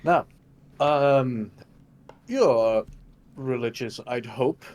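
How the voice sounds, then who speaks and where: A man's voice: medium pitch, extremely slow, darkish tone. A man playing in a tabletop game, joking and stuttering over his words. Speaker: player. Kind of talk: casual role-play chat.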